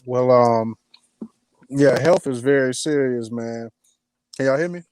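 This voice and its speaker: A man's voice: mid-range voice, a little slow, darkish tone, smooth. A man speaking as a guest on a podcast, laid-back and blunt in a casual, street-style way.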